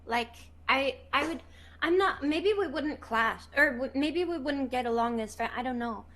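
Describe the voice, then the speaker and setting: A woman's voice: sits high, normal speed, a bit bright. A young woman chatting casually as a guest on a livestream, rambling and gushing, with restarts and fillers. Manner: rambling, gushing, puts on a pleading baby voice at times. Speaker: stream guest. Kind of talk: casual stream chat.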